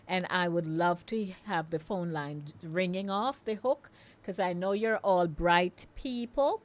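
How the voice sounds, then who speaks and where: A woman's voice: on the low side, measured pace. A middle-aged Jamaican woman hosting a live call-in radio show, chatting in a coaxing, friendly way and inviting listeners to phone in.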